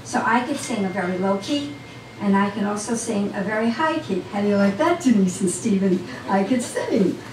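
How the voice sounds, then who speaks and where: A woman's voice: mid-range voice, lively intonation, fairly quick, slight background noise. A woman telling a personal story to a live audience in a cafe, talking straight to the crowd in a chatty way. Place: small cafe event. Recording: roomy sound from a distant mic.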